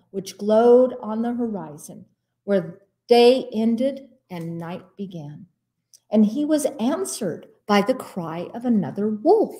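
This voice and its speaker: Slow-reading woman librarian at story time. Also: mid-range voice. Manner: slow, expressive read-aloud. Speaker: children's librarian.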